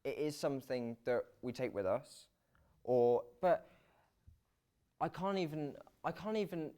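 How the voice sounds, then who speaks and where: A man's voice: fairly high pitch, lively intonation, unhurried, dark tone, clean tone. A young man from the UK, a presenter chatting casually with many restarts and laughs. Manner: rambling, restarts, laughs often. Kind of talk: casual chat.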